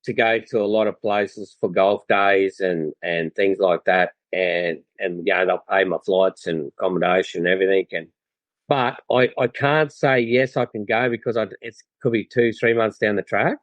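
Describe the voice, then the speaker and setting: An Australian man guesting on a podcast, telling stories in a relaxed way with many fillers and restarts. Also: low voice, moderate pace, no echo, muffled recording. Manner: laid-back storyteller, lots of fillers and restarts. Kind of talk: casual chat.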